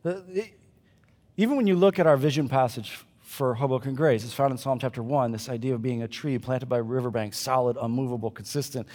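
A male pastor preaching a conversational sermon at a church service, swinging between loud emphasis and quiet asides to the congregation. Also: medium pitch, a little fast, long reverb tail.

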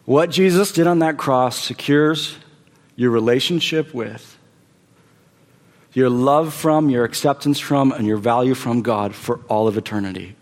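A man preaching a sermon, emphatic, repeating phrases and swinging between loud and hushed delivery. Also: medium pitch, measured pace, long reverb tail. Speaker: pastor.

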